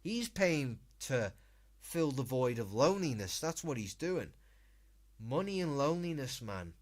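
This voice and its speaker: A man's voice: mid-range voice, sing-song, measured pace. A British man streaming live, ranting and swearing as he reacts to a video.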